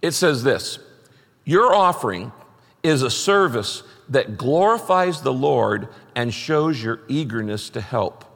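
A man's voice: medium pitch, very animated, takes it slowly, gravelly, fairly bright tone, in a large hall. A middle-aged man preaching a sermon, emphatic and repeating his key phrases as he reads scripture aloud. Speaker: pastor.

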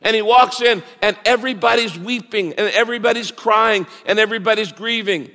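A male pastor preaching a sermon, swinging from loud, fast bursts to hushed, slow lines. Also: high voice. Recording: long hall reverb.

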